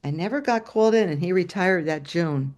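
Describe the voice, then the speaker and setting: Older woman telling a lively story. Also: on the low side, brisk. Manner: animated, acts out voices, asides to listeners. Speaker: storyteller, former teacher. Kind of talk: spoken storytelling to an audience. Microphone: video call.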